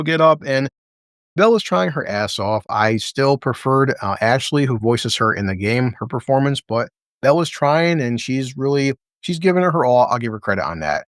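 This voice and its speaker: A man's voice: medium pitch, dry recording. Male reviewer, mid-range voice, dry close sound, casual and foul-mouthed. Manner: blunt, swears a lot, re-enacts scenes in quoted voices. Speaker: TV episode reviewer. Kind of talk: casual profane reaction commentary.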